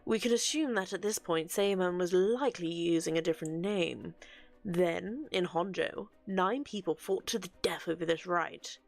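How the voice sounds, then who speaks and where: A woman with a fairly low, gravelly voice reads game dialogue aloud, playing an earnest, scholarly male occult researcher. Her delivery is measured and explanatory.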